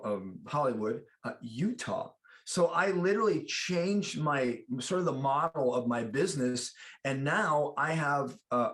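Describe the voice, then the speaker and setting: A middle-aged American man being interviewed as an actor, chatting casually and telling animated stories with lots of restarts. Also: medium pitch. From United States. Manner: animated storyteller, acts out quoted voices, many restarts. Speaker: guest actor.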